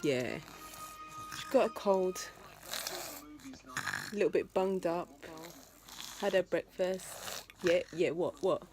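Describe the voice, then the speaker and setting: A woman's voice: fairly low pitch, slow pace, long pauses, music in the background. A woman filming at home, coaxing small children to talk to the camera in a playful way. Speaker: mother filming her children. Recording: home recording with steady background noise.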